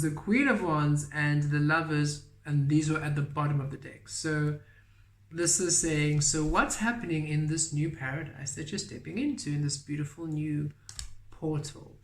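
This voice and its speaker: A man giving a spiritual tarot reading, speaking softly and repeating affirmations in a roomy, echoey recording. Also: fairly high pitch, steady tone, measured pace. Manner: soft-spoken, repeats affirmations. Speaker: tarot reader. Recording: roomy echo.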